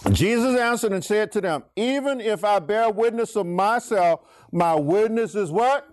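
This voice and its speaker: A middle-aged pastor with a lilt leads a call-and-response Bible lesson, preaching at a moderate pace in a voice that sits high for a man. He swings his pitch up and down and keeps asking the congregation to call out the last word of his lines.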